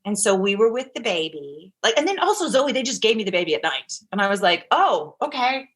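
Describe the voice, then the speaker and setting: A woman from Kansas, a guest on a talk show, telling a personal story in a lively, chatty way and acting out what others said. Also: medium pitch, fast. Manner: animated, acts out quotes. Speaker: actress guest. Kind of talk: casual storytelling.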